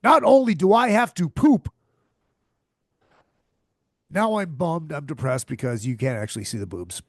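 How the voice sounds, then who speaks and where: Gravelly, animated man ranting crudely. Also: on the high side, normal speed, no room sound. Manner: profane, exasperated, repeats himself. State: tired and hungover. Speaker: podcast host. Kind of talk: crude comedic rant.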